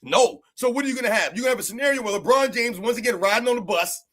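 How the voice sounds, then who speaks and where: On a live sports stream, a man with a strikingly high voice rants at a very fast clip, his tone fairly bright. He comes across heated and mocking, hammering away with rhetorical question after rhetorical question.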